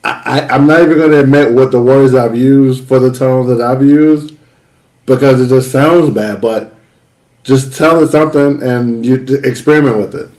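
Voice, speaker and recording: A man's voice: medium pitch, fairly even intonation, normal speed, a little mellow. Man in an echoey room, rambling. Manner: repetitive starts, loose colloquial talk. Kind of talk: casual panel chat. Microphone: video call.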